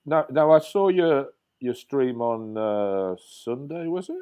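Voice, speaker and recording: A man's voice: medium pitch, animated, takes it slowly, warm tone, smooth. A man in his fifties from England, a guest telling rambling stories in a casual chat. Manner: rambling storyteller, many restarts and laughs.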